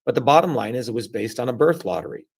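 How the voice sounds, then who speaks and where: A man's voice: mid-range voice, expressive, quick pace, gravelly, darkish tone, slightly rough. A man in his seventies from India, explaining things bluntly as an interview guest and often checking in with "okay?" and "right?". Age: 70s. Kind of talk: casual conversational interview.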